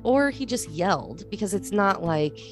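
A woman co-hosting a podcast in casual chat, telling stories with lively acted-out quotes. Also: mid-range voice, moderate pace, soft background music. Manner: animated storyteller, acts out quotes. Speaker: podcast co-host.

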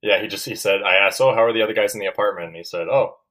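A man's voice: fairly low pitch, steady tone, rapid-fire, bright, forceful tone, low-quality recording. A young man co-hosting a podcast, telling stories and teasing his guest in casual chat. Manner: storytelling, playful teasing. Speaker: podcast co-host.

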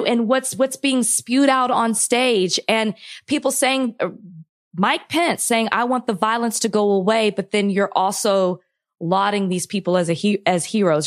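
A young woman on a podcast, talking with raw, frustrated passion, her voice close to breaking into tears. She pushes on through restarts with a middle-pitched voice. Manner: impassioned, frustrated, near tears. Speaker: podcast co-host. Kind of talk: emotional podcast commentary.

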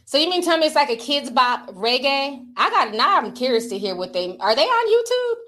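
Animated high-voiced woman livestream host. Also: fairly quick. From Minnesota. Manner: animated, playful, slangy, laughs often. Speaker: livestream host reading super chats. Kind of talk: casual livestream chat.

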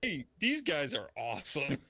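Bright-voiced excited young wrestling fan. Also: male voice, fairly high pitch, moderate pace, no room sound. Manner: enthusiastic fan, swears, laughs often. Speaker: podcast co-host. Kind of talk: casual chat recapping wrestling.

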